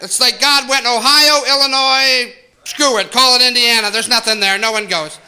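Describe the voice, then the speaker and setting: A man's voice: extremely high pitch, fairly even intonation, normal speed, sharp tone, clear, resonant tone. A man doing stand-up comedy on a theater stage, telling exaggerated stories and making asides to the audience.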